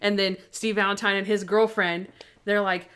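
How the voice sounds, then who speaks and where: A woman co-hosting a relaxed chat podcast, her voice sitting at an ordinary middle pitch. She retells TV plots with gusto, slipping into the characters' lines and breaking into laughter. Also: normal speed, smooth. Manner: animated storyteller, acting out quoted lines with laughs. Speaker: podcast co-host. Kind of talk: casual chat, retelling TV scenes.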